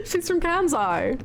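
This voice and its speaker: Brief: excitable, giggly woman commenting on a game live at an unhurried pace. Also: very high voice, noisy background. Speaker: streamer.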